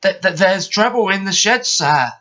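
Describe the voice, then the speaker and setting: A man's voice: sits high, lively intonation, a little slow, sharp tone, pitched above the performer's own voice, exaggerated voice. A man playing a stammering, flustered station master. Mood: anxious. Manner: stammering, urgent.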